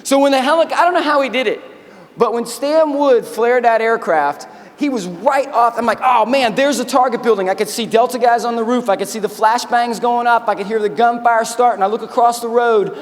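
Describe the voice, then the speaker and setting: High-voiced man telling a war story. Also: fairly quick. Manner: animated storytelling, acts out quotes, addresses crowd as y'all. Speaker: keynote speaker, army veteran. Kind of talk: keynote storytelling. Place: large convention hall. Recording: long hall reverb.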